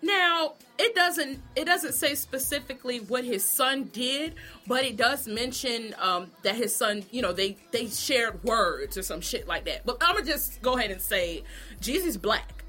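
A woman vlogger delivering an animated, profane comedic gossip rant straight to her viewers. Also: a little high, a little slow, soft background music.

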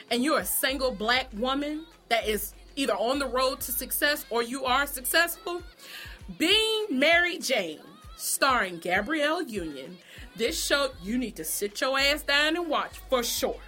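A woman talks through her favorite TV dramas in a loose, profane, animated chat. Her voice sits high and sounds bright and sharp. Faint music plays behind her. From Savannah, Georgia. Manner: profane, animated, acts out characters. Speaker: TV recap vlogger. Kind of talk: casual TV show recap.

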